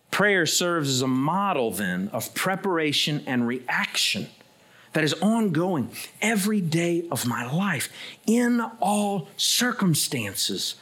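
A middle-aged man preaching a sermon as pastor, swinging between loud, high bursts and low, quiet asides. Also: slightly rough.

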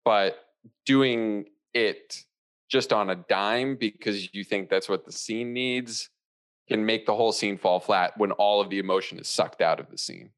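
A man's voice: fairly low pitch, measured pace, clean tone. A man, an improviser co-hosting a podcast, chatting playfully about improv technique. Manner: playful, jokey, animated. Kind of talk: casual chat reviewing an improv show.

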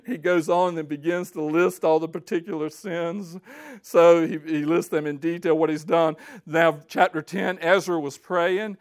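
Man, preacher, high-pitched voice, fervent sermon, hushed to impassioned, slow scripture reading. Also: steady tone. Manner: fervent, swings from hushed to near-shouting; reads scripture aloud with slow emphasis.

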